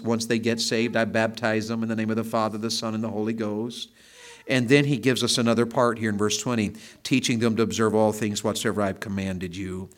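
A man preaching a sermon, fervent and emphatic, driving home repeated phrases. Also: on the low side.

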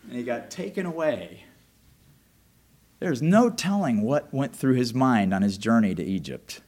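A man preaching a sermon as a pastor, telling a story in an animated, conversational way. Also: mid-range voice, measured pace. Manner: animated, conversational, often restarts.

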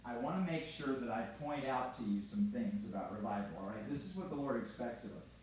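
A man preaching a sermon in a conversational way, often asking "all right?", moving between loud emphasis and quiet, close talk. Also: mid-range voice, animated, brisk, slight background noise. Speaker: pastor.

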